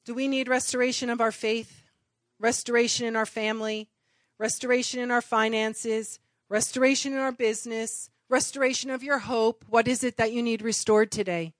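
A woman with a fairly high voice preaches a sermon in an earnest, personal way. Her points build into emphatic repeated phrases. The sound is close and dry. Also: fairly even intonation, normal speed, dry recording. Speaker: church speaker.

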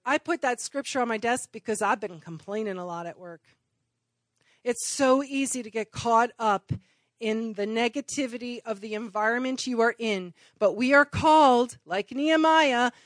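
A woman with a fairly high voice preaches a sermon in an earnest, personal way. Her points build into emphatic repeated phrases. The sound is close and dry. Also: a bit bright, no echo. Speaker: church speaker.

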